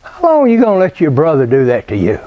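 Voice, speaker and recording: A man doing a gentle old grandma. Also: fairly high pitch, huge pitch swings, fast talker, no room sound, muffled recording, pitched below the performer's own voice.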